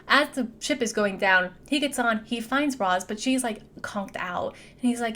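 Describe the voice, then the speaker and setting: A woman's voice: on the high side, normal speed, few pauses, bright, forceful tone, slight background noise. A young adult woman giving a casual, chatty movie recap, peppering her speech with "like". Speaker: movie reviewer.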